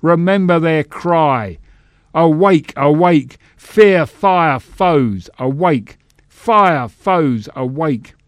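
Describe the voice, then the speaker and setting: A man's voice: medium pitch, big pitch swings, moderate pace, hardly any pauses, a bit bright, no room sound, clean studio sound. A man voicing a blustering, bloated halfling senator who rants in a bombastic stump-speech manner. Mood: rousing. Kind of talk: storybook reading.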